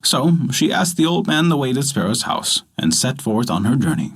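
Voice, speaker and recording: A man narrating a folk tale and hosting a story podcast, in an expressive, scripted storytelling manner. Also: medium pitch, normal speed, creaky, husky.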